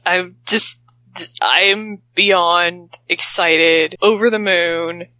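A woman co-hosting a casual wrestling talk show, chatty and excitable, with teasing asides. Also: fairly low pitch, very slow, no echo, low-quality recording. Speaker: podcast co-host.

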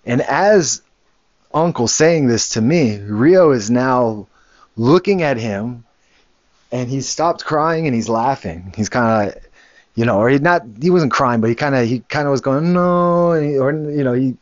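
A man's voice: medium pitch, animated, measured pace, no room sound, dull audio. A man, a father, telling a casual story in a rambling way, with many restarts and the odd curse word. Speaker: father and show host.

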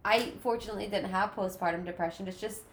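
A woman in casual chat, telling stories in a chatty, animated way. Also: medium pitch, quick pace. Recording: echoey room, faint noise.

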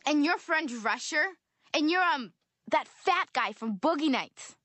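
An actress voicing an exasperated, blunt teenage girl in an animated sitcom, making flat, accusing call-outs. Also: high voice, unhurried, no echo.

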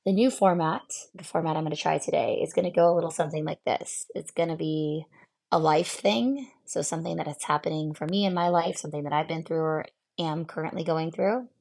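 A woman therapist hosting a solo podcast, who is losing her voice. She talks candidly and reflectively, pausing often with fillers. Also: low voice, gravelly, a little mellow. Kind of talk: casual solo podcast talk.

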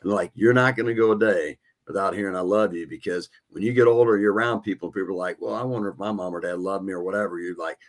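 A man's voice: deep voice, fairly even intonation, quick pace, hardly any pauses. A man hosting a podcast, telling earnest stories about his kids and youth sports in a casual way. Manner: earnest, storytelling. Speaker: podcast host. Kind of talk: casual conversation.

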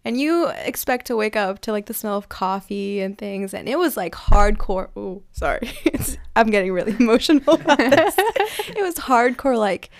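Smooth-voiced giggly woman co-host. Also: mid-range voice, expressive, dry recording. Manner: giggly, quick reactions, explains things. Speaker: podcast co-host. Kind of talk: casual chat.

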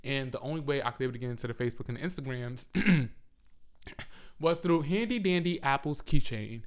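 A man's voice: mid-range voice, brisk, clean tone. A man telling a rambling, profane story in a casual monologue on a handheld mic.

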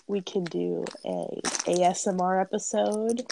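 A woman's voice: fairly low pitch, steady tone, measured pace, creaky, background noise. A young woman co-hosting a podcast while sick, chatting casually in a blunt, joking way and laughing often into a close mic. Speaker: podcast co-host. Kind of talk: casual chat.

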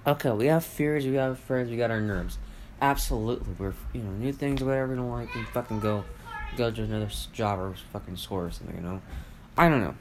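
A man's voice: medium pitch, fast, a little hiss or hum. A man hosting a solo podcast, rambling in a profane, repetitive way, firing questions at listeners with many fillers and restarts. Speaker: podcast host.

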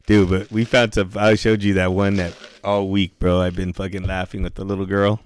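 A man's voice: low voice, little pitch movement, moderate pace, smooth. A man co-hosting a podcast, chatting casually, laughing often and swearing while he teases his friend. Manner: laughing, profane, teasing banter. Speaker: podcast co-host. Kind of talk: casual chat.

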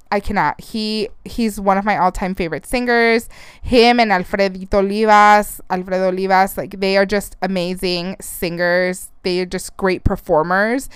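Young female podcast host, rambling and swearing, drops in Spanish phrases, smooth voice, dry close sound. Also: mid-range voice, no room sound. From Arizona, United States. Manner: chatty and rambling, swears, mixes in Spanish phrases, laughs often. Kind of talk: casual solo podcast rant.

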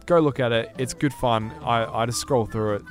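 Man, Australian accent, young adult, relaxed, filler-heavy chat, light background music. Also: medium pitch, normal speed. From Perth, Australia. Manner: laid-back, rambling with many fillers. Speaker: podcast co-host. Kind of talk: casual chat.

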